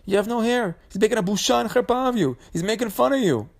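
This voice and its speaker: A man's voice: high-pitched, lively intonation, fast talker, gravelly, pitched above the performer's own voice, full character voice. A man voicing a scheming, indignant wife who complains shrilly to her husband in a Torah lesson. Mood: indignant nagging.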